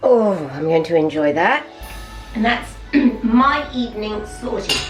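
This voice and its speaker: A woman's voice: medium pitch, big pitch swings, slow pace, soft background music. A middle-aged woman in a casual cooking vlog, chatty and self-deprecating, talking enthusiastically about her food at home. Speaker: vlogger. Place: home kitchen. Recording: roomy, distant camera sound with faint background hum.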